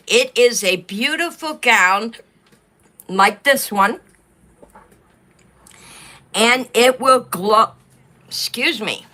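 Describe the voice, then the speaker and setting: While working on beaded jewelry, a woman chats casually with her livestream viewers, hiccuping now and then. Her voice is slightly high, pushed and bright, and she talks extremely slowly with frequent pauses.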